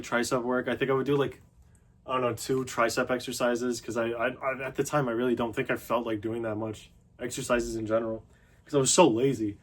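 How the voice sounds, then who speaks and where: Rambling young man on gym talk. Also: medium pitch. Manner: loose, filler-heavy, self-mocking. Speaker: fitness vlogger. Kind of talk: casual rambling monologue.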